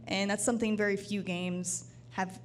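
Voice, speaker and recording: An earnest, reflective woman on a casual podcast panel. Her voice is mid-pitched, and a faint hum of background noise sits behind her. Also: steady tone, moderate pace.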